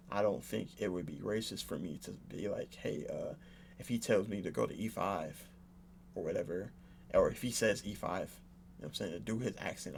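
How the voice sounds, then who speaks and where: Young male reaction host, low gravelly voice, rambling casual delivery full of fillers. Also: a little hiss or hum. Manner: rambling, many fillers and "you know what I'm saying". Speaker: commentator reacting to a video.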